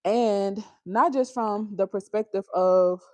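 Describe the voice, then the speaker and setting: A woman's voice: medium pitch, slow, warm tone. A young woman chats casually to her livestream viewers from a busy family home. She keeps breaking off to coax and scold her toddler, then picks the chat back up. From Houston, Texas. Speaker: livestream host.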